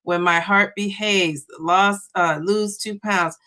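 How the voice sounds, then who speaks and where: Live-stream host, woman in her fifties, chatty and bubbly, bright tone. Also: mid-range voice, steady tone, slow pace. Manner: bubbly, chatty, gives shout-outs. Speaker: livestream host and weight-loss coach. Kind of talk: casual live-stream chat reading comments.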